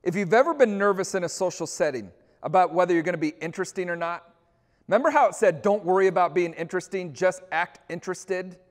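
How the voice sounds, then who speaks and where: A man's voice: sits high, fast, lightly acted. A man voicing an eager, awkward teenage boy who fumbles for words as he tells a story. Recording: long reverb of a large hall.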